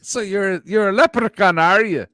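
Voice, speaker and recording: A man's voice: high voice, normal speed, pushed and bright, no echo, studio quality. A man hosting a comedy morning show, teasing his co-host and chuckling often.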